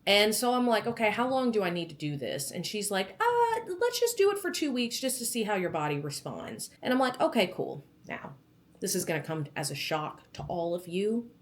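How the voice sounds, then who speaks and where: A woman's voice: mid-range voice, sing-song, moderate pace. A pregnant young woman vlogging casually, animatedly retelling a doctor's visit and acting out the quotes. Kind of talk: casual storytelling vlog.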